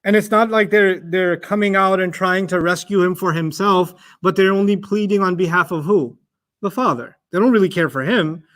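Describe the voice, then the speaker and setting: Guy teaching quran, high-ish voice, lively, acts out the lines. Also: normal speed. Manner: animated, acts out dialogue, rhetorical questions. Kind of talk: Quran lecture.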